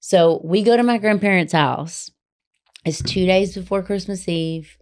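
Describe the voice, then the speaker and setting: Lower-voiced woman telling a story. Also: unhurried. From Memphis, Tennessee. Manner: animated, rambling storyteller. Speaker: podcast co-host. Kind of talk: casual chat, storytelling. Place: podcast studio.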